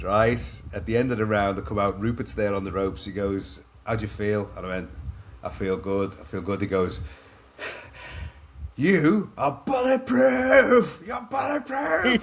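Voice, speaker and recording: A man in his forties from England with a Liverpool accent, telling stories as a podcast guest, animated and full of restarts. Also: on the low side, a little hiss or hum. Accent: Liverpool English. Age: 40s. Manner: animated, restarts often, says mate a lot. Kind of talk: casual storytelling.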